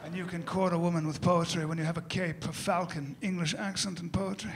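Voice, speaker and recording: A man performing stand-up comedy before a live audience, animated, with loud outbursts and acted-out voices. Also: high voice, a little fast, creaky, hardly any pauses. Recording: live room with crowd noise.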